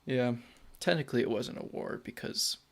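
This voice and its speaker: A man's voice: mid-range voice, expressive, normal speed, creaky. A man co-hosting a casual movie-review podcast, giggling often as he eagerly explains the lore. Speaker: podcast co-host.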